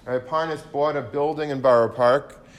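A man telling a long story to listeners in a lively way, with asides and frequent restarts. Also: medium pitch, normal speed, lo-fi sound. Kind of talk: storytelling talk.

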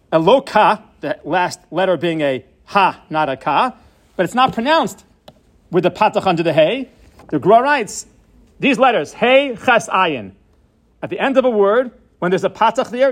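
A man with a high-pitched voice gives a patient spoken lesson. He goes over the same points several times, slowing to spell out letters and sounds one at a time. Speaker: Torah teacher. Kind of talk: lecture on Hebrew pronunciation.

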